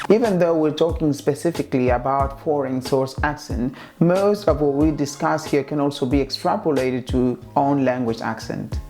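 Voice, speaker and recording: A man's voice: a little high, normal speed, few pauses, darkish tone, soft background music. A man hosting an educational video, narrating a scripted explanation and asking rhetorical questions. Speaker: host.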